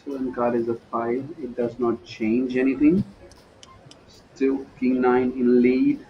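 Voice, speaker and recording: A man doing live poker commentary, reading the board and action while trading light jokes with his co-host. His voice sits at an ordinary pitch. The sound is a little dull and muffled, like broadcast audio. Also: flat delivery, takes it slowly, a little hiss or hum. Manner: playful, joking banter between hands. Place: commentary booth at a poker event.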